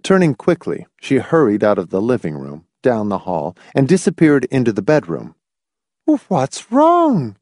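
A man narrating an audiobook with expressive, lively storytelling. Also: fairly low pitch, moderate pace, few pauses, no echo, studio quality.

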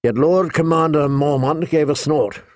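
A man narrating an audiobook in a slow, measured reading. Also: a little high, no room sound, studio quality.

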